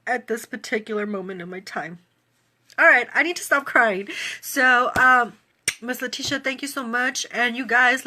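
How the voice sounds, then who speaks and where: A woman's voice: a little high, sharp tone. A woman who runs a fitness program, giving a gratitude testimonial on a live stream, crying and laughing through tears.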